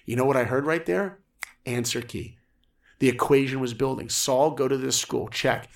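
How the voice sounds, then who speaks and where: A man with a gravelly, mid-pitched voice tells a personal story with real energy. He punches up key lines and slips into other people's voices when he quotes them. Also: steady tone, moderate pace. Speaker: guest storyteller. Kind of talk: animated storytelling on a podcast.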